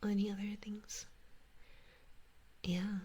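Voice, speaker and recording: A woman's voice: mid-range voice, level tone, slightly rough. Whispering Canadian woman streamer. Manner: soft whispering, chatty and drawn-out words. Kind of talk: whispered ASMR chat with viewers.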